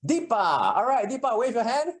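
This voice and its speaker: A public speaking trainer runs a live workshop from a meeting room, with listeners also joining on a video call. The voice sits at a middle pitch but swings widely up and down. Example lines get acted out with animation. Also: normal speed. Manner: animated, acts out example sentences.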